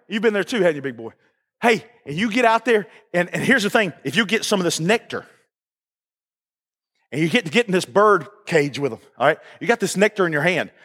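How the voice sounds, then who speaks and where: High-voiced preacher in a church hall. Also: male voice, pushed and bright. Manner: folksy, emphatic preaching with call-and-response asides. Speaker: pastor. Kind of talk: sermon. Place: church sanctuary.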